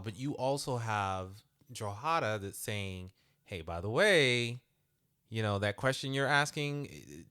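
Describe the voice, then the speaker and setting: Low-voiced man hosting a podcast. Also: pushed and bright, smooth. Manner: reflective, acts out quoted dialogue with laughs. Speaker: podcast host. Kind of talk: conversational podcast interview.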